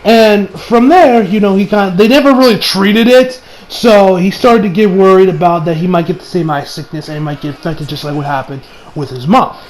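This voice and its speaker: Young american guy w a high voice, rambles thru an episode recap, cusses, says um and like a lot. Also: a little fast, a little hiss or hum, poor audio. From United States. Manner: rambling, profane, many fillers and restarts. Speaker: anime reviewer.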